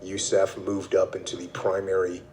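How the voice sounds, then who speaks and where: A man hosting a podcast, reading passages from a book aloud and discussing them in a measured, steady way. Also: sits low, slight background noise. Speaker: podcast host.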